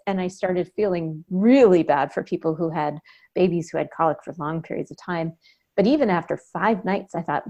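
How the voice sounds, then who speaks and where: Her pitch is fairly low and her tone darkish, and she talks briskly. She's a podcast guest in her fifties recounting something from her own life in a reflective way. The telling is vivid, with the other characters' words acted out as quoted dialogue.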